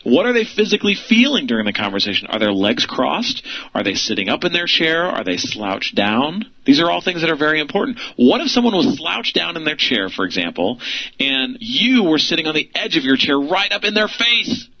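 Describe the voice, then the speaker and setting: A man's voice: a little high, very animated, fairly quick, sharp tone, rough recording. A man teaching an instructional lesson for real estate investors, asking rhetorical questions and laughing lightly.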